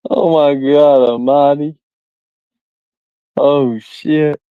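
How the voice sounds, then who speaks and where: A man's voice: a little high, steady tone, extremely slow, clean tone, dry recording. A man chatting on a live stream, laughing constantly and cursing freely. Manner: laughing nonstop, profane. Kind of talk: casual live-stream chat. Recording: dull lo-fi dry sound.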